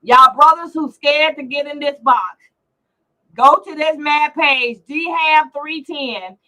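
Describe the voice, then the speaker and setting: A middle-aged woman hosts a casual livestream, reading out comments in a brash, teasing way with salty language. Her voice sits high and sharp, and she takes her time, on a rough recording.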